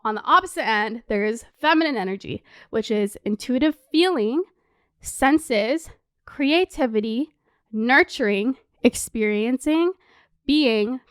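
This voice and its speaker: Bubbly chatty young woman, high voice. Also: smooth, no room sound, clean studio sound. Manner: excitable and chatty, swears freely. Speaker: vlogger. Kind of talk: casual chat to camera.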